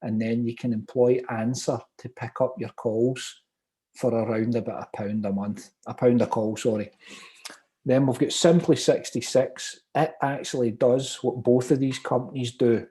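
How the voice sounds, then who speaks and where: A man's voice: medium pitch, warm tone. A man from Glasgow with a strong Glaswegian Scottish accent, leading an online property training session in a chatty, upbeat way and reading out viewer comments. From Scotland, Glasgow.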